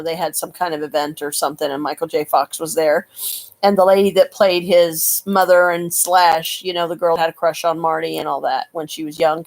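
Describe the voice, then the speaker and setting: A woman chatting in a rambling vlog monologue, laughing often and cursing with folksy slang, recorded on a computer webcam. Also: on the low side.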